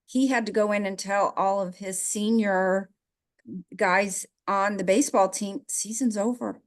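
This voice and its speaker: A woman's voice: medium pitch, fairly even intonation, measured pace. A middle-aged woman from the American Midwest, co-hosting a casual podcast conversation, emotional and laughing easily as she talks. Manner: emotional, laughs while talking. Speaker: podcast co-host.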